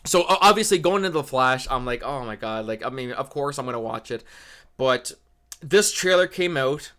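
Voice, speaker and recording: A young man rants on his podcast in a loose, casual way. He is openly excitable, swearing freely and breaking into loud exclamations as he talks. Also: medium pitch, moderate pace. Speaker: podcast co-host.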